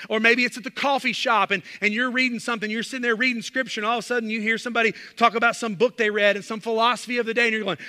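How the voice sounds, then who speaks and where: A man's voice: extremely high pitch, rapid-fire, hardly any pauses, sharp tone. A male pastor preaching a sermon, emphatic and full of rhetorical questions, in a church sanctuary. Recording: long reverb of a large hall.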